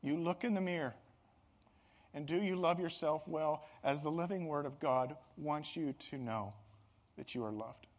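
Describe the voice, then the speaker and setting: A man's voice: on the high side, normal speed. A middle-aged man preaching a sermon as pastor, earnest and building to emphatic bursts.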